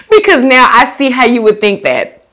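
Animated young woman reading viewer comments. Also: a little high, takes it slowly. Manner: animated, laughs often, drawls slang. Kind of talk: casual chat reading out comments.

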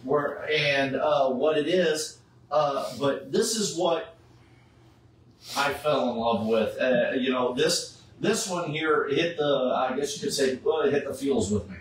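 A man's voice: mid-range voice, slow pace. A middle-aged man chatting casually, telling a story and acting out the people he quotes. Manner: animated, acts out the people he quotes. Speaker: charity Superman cosplayer. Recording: echoey room, far from the mic, faint background noise.

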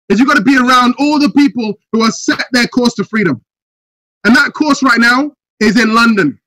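A man giving a motivational speech on a group video call, firing rhetorical questions and building up to shouts. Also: extremely high pitch, moderate pace, no room sound, poor audio. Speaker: motivational speaker.

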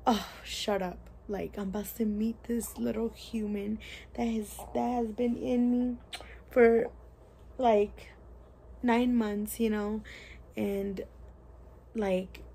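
A woman's voice: medium pitch, gravelly, mellow, slight background noise. A young woman casually telling a story to camera in a chatty, rambling way, full of "like" and "you guys". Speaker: vlogger.

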